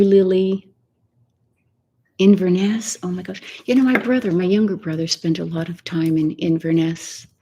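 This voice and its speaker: An older woman hosting a soft-spoken ASMR live chat from her home, greeting viewers and often slipping into a whisper. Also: mid-range voice, slightly rough. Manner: soft and unhurried, slipping into whispers while reading viewer comments. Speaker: ASMR host. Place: home, Texas.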